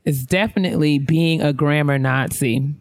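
A woman with a lowish voice tells stories on a casual podcast. She is animated, jumps into playful voices and laughs as she goes. The sound is dry and close to the mic. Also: moderate pace, dry recording. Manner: animated storyteller, acts out voices, laughs often. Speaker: podcast co-host. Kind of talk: casual storytelling chat.

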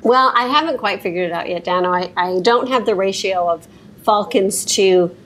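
A woman improvising an earnest, deadpan guest author in a comedy interview. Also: medium pitch, normal speed, low-quality recording.

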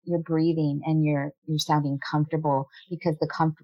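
A woman in a remote interview, a body language specialist, explaining her points in a lively way and laughing often. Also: low-pitched, normal speed, dull audio. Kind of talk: conversational interview.

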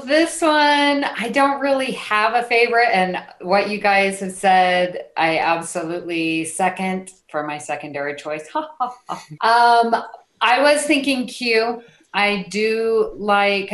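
Slow, deliberate woman host, echoey room, laughs easily. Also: medium pitch, a bit bright. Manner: leads the questions, laughs often. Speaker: podcast host. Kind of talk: casual chat. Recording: roomy echo.

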